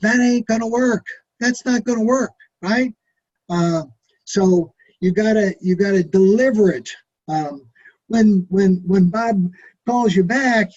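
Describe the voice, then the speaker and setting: High-voiced man giving a folksy sales pitch. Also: slow pace, a little mellow, lo-fi sound. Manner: folksy, acts out sample phone calls. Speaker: direct sales trainer. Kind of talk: sales training talk.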